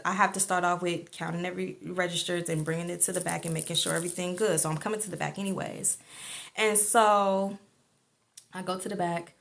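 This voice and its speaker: Woman, lower register, casual rambling storyteller, colloquial and loose. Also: vocal fry, a bit bright. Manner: rambling, colloquial, many fillers like "or whatever not". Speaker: vlogger sharing a personal testimony.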